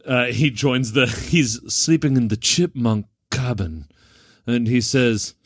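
A man's voice: mid-range voice, takes it slowly, slightly rough, dry recording, clean studio sound. A man co-hosting a podcast, chatting casually about movies, recapping plots and laughing often. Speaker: podcast co-host.

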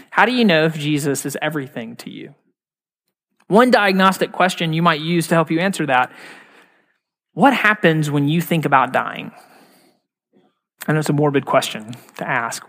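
A man, a pastor, preaching a sermon in a church with earnest repetition and slow emphatic stresses. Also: on the high side, fairly bright tone. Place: church sanctuary. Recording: long reverb of a large hall.

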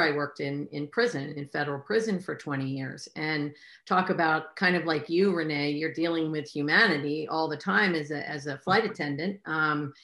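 A woman's voice: deep voice, a bit bright. A woman hosting a casual spiritual conversation, affirming and eager as she tells her own story. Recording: echoey room.

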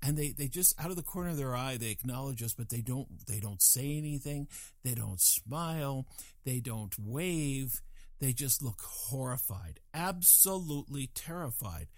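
An older man from Colorado, USA, tells a rambling, self-deprecating anecdote in an animated, mid-range voice at normal speed, acting out the voices of the people in it. It's casual speech, captured in clean studio sound with no room sound.

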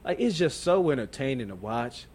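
A young man from Sacramento co-hosting a sports podcast, talking in an animated, laughing way with many restarts. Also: medium pitch, moderate pace, slightly rough. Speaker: podcast co-host. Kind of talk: casual sports chat.

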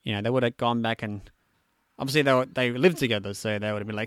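A man's voice: medium pitch, fairly even intonation, quick pace, clear, resonant tone, no room sound. A man casually reviewing a horror comedy film, rambling with lots of fillers and briefly acting out the scenes he describes. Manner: rambling, filler-heavy, acts out scenes in quotes. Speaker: movie reviewer.

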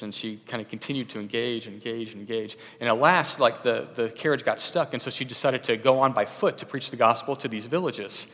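A man's voice: mid-range voice, a bit bright. A young adult man preaching a sermon as a pastor, conversational, with many fillers and restarts. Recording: long hall reverb.

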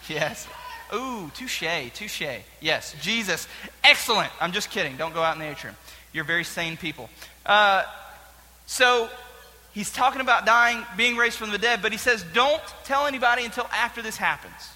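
A young man teaching a Bible story to a group in a casual, joking, animated way. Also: sits high, normal speed. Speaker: youth pastor. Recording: long hall reverb.

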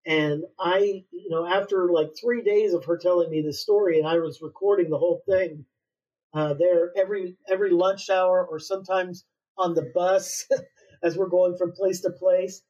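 A man author being interviewed, telling a long story in a relaxed way with many fillers and pauses. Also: sits high, slightly rough. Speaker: author guest. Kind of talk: conversational interview. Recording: distant, dull lo-fi sound.

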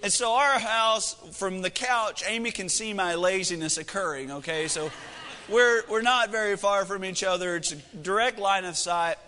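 A man's voice: high-pitched, moderate pace, bright, forceful tone. A man in his thirties preaching a sermon, telling a family story in a folksy, joking, self-deprecating way. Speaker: pastor. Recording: echoey hall reverb.

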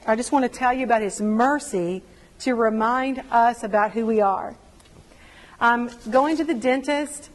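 A woman's voice: on the high side, long reverb tail, low-quality recording. A woman giving a personal testimony to a women's class, telling stories and acting out what people said. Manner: animated storytelling, acts out quotes. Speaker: women's ministry speaker.

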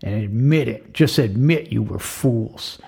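Older man, husky and tearful, voice cracking through an impassioned, repeating rant. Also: medium pitch, measured pace, dark tone. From United States. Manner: impassioned, ranting, repetitive. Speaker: retired vlogger. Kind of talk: emotional monologue.

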